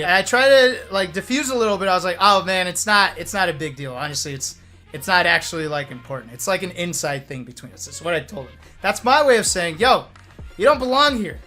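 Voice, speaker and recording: A man streaming to his chat, telling a story in a casual, animated way, swearing freely and checking in with "right?". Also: sits high. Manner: animated, profane, talks to chat with lots of "right?".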